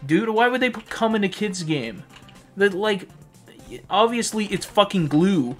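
A man's voice: high-pitched, animated, a little slow, faint music behind. A man co-hosting a crude comedy gaming show, rambling through profane tall tales. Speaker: co-host.

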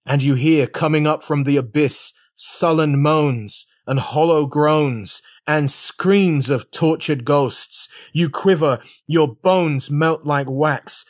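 A man's voice: a little high, dry recording, studio quality. Man reading a solemn sermon. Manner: solemn, dramatic, shifting pace. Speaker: sermon reader.

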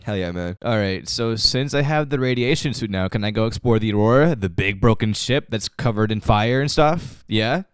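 A young man streaming gameplay, talking tiredly to himself, then shouting with excitement, with game music behind him. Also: on the low side, normal speed, hardly any pauses, clean tone, no room sound, studio quality. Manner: excitable, swings between mumbling and shouting. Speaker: gaming streamer. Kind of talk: live-streamed gameplay commentary.

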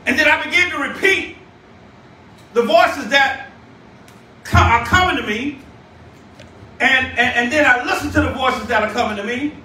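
A man preaching a sermon as bishop, shouting and calling out to the congregation, recorded from a distance in a church. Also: very high voice, moderate pace, pauses often, a little hiss or hum. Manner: shouting, call-and-response preaching. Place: church sanctuary. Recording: echoey church room, distant mic.

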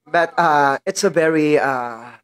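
Emotional and teary, a Filipino-accented woman chats casually in her vlog, her voice sitting low. She talks in halting bursts and laughs even as she cries.

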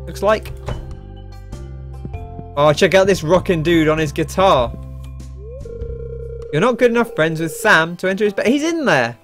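A young man casually commenting on a video game as host, chatty with wry asides. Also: sits high. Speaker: let's play host.

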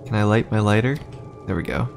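A man's voice: lowish voice, fairly quick, creaky, faint music behind. A man streaming a horror game, chatting casually and reacting aloud as he plays, swearing now and then. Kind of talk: casual gameplay commentary.

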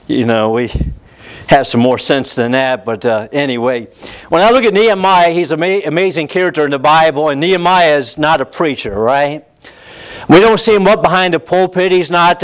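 A man's voice: fairly high pitch, clean tone. A man, a pastor praying and preaching in a folksy way with many fillers and restarts. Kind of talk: sermon and prayer.

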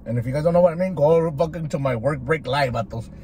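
A man's voice: fairly high pitch, fast, darkish tone, slight background noise. A man from Southern California, telling stories in a profane, slangy way with Spanish words mixed in while he eats. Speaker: food vlogger. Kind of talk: casual chat while eating.

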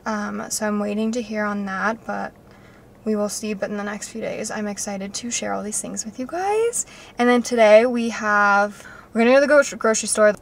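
A young woman talking casually to her vlog audience, chatty and excitable, rambling from one plan to the next. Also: mid-range voice, moderate pace, creaky. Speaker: vlogger.

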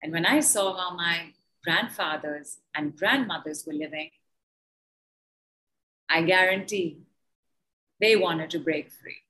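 A woman, a healer guiding a breathing exercise and then giving a talk in a slow, deliberate, soothing way. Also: on the low side, pushed and bright, rough recording. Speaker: healer and guest speaker. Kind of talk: guided healing session and talk.

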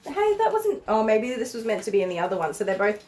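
A woman's voice: fairly high pitch, sing-song, fast, a little mellow, poor audio. A woman dog groomer hosting a casual livestream from her salon, chatty and easily emotional.

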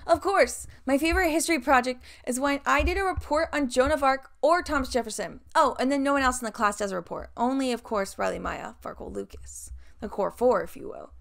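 A young woman recaps an old show in a sarcastic commentary, dropping deadpan asides. Her voice sits a little high and carries a lot of vocal fry. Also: brisk. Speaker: video essay host.

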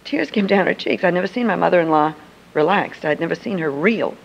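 A woman's voice: lowish voice, a little fast, vocal fry, slightly rough, muffled recording. Older woman telling an earnest story. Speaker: Christian speaker. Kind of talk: storytelling talk to an audience.

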